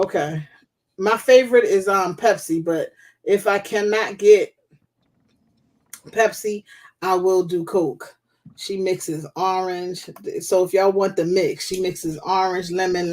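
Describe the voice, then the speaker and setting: A woman's voice: on the low side, a little mellow. A woman hosting a casual live chat, giving blunt, profane, motherly advice. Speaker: host.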